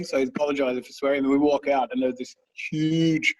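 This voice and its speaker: A man's voice: mid-range voice, fairly even intonation, fast, recorded from a distance, crowd noise, low-quality recording. A man in his thirties, co-hosting a podcast, who rambles through casual stories and swears freely. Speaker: podcast co-host. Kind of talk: casual chat.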